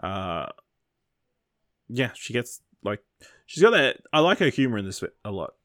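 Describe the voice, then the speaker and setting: A man co-hosting a casual film podcast, laid-back and often trailing off quietly. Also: medium pitch, very animated, unhurried, no room sound, studio quality. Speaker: podcast co-host.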